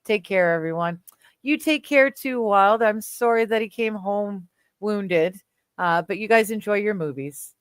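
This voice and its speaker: Woman from Canada, livestream chat, smooth voice, dry close sound, laughs often. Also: medium pitch, unhurried, no echo. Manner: chatty, laughs often, trails off with fillers. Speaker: livestream host. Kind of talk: casual chat reading viewer comments.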